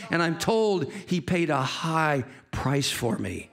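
A man delivering a sermon in a fairly high voice. He tells the story with animation and acts out its characters as he goes. Now and then he jokes with his congregation. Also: very animated, slow, gravelly. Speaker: preacher.

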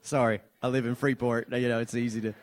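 A pastor preaching to his congregation, earnest, with dramatic swings between loud emphasis and soft, quiet lines, and playful asides. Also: medium pitch, little pitch movement, fast talker. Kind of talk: sermon.

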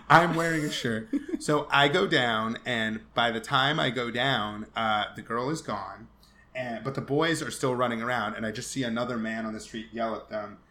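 Bright-voiced, animated male podcast storyteller. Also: mid-range voice, moderate pace. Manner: animated storyteller who acts out quotes and laughs often. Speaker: podcast co-host. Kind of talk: casual podcast chat, storytelling.

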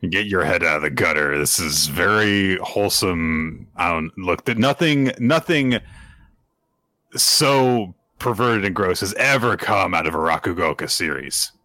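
A man co-hosting a casual podcast, retelling a chapter in a chatty way with lots of fillers and pitch jumps for quoted lines. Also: normal speed, hardly any pauses, sharp tone, dry recording. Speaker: podcast co-host. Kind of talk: casual chat recapping manga chapters.

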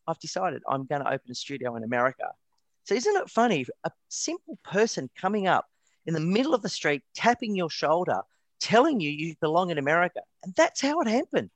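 An Australian man, a retired wedding photographer, telling lively stories in an interview with frequent repeated words. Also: sits high, brisk, no room sound. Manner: animated, lively anecdotes with stammered repeats. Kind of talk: casual storytelling.

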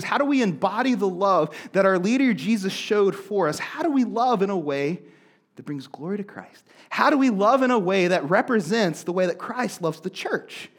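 A young man preaching a casual sermon, animated and chatty, full of asides. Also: sits high. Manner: animated, chatty, fills talk with "like". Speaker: pastor.

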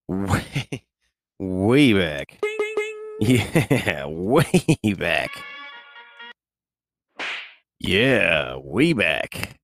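A man with a very low, gravelly voice rambles through a casual monologue at an unhurried pace. He is laid-back and profane and chuckles often. The recording is dry and close, with no room sound. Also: no room sound.

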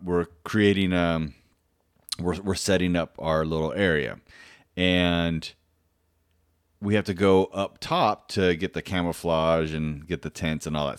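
A man's voice: low-pitched, no echo, clean studio sound. A man hosting his own podcast, telling a long story in a casual, rambling way with lots of fillers and restarts. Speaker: podcast host.

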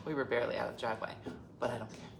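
A middle-aged woman hosting a casual chat, telling a family story in a wry, deadpan way and acting out the arguments. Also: extremely low pitch, rapid-fire, creaky, slight background noise. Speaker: podcast host. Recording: roomy echo, faint background ambience.

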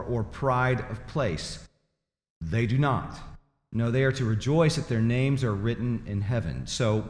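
A male pastor delivering a sermon to his church, speaking conversationally with dry, self-deprecating humor. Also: mid-range voice. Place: church sanctuary. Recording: echoey church hall.

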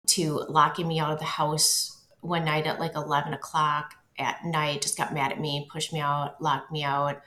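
A woman recounting her own story as an interview guest, halting and repeating phrases as she goes. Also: sits low, little pitch movement, pushed and bright. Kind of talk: personal testimony. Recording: roomy echo.

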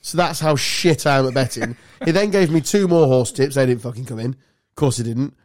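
A man's voice: medium pitch, a little fast, a little mellow, dry recording, clean studio sound. A man co-hosting a podcast, telling loose, sweary, laughing stories in casual banter. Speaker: podcast co-host.

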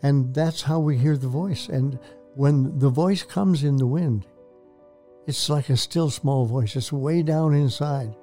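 A man's voice: medium pitch, slow, dark tone, soft background music. An older man, a minister, telling his faith story to an interviewer in an earnest, preacherly way that repeats phrases for emphasis. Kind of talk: testimony in a Christian talk show interview.

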